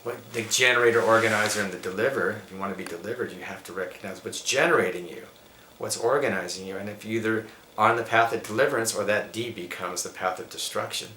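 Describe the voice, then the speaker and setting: A man's voice: lowish voice, fast talker, pushed and bright. Emphatic middle-aged man in an echoey room. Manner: emphatic, preachy, lists points. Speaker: yoga teacher. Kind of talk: spiritual interview talk. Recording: echoey room with faint background noise.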